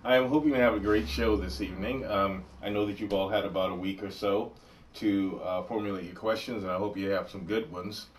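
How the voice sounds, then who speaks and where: Low-voiced man hosting a livestream, a little off-mic. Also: steady tone, far from the mic, a little hiss or hum. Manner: joking, deliberate and explanatory. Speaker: livestream host answering spiritual questions. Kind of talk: casual livestream talk.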